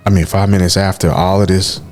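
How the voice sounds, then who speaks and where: A man with a very deep, low voice speaks with earnest, heartfelt candor as a podcast co-host. He opens up about personal matters and keeps calling the listener "man". Soft music sits faintly in the background. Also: flat delivery, fairly quick. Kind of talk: candid personal talk.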